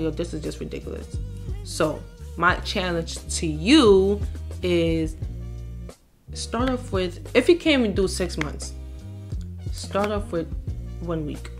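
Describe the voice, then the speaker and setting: A young woman talking casually to her viewers, chatty and animated, acting out little exchanges as she goes. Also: fairly low pitch. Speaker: vlogger. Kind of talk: casual talk to camera.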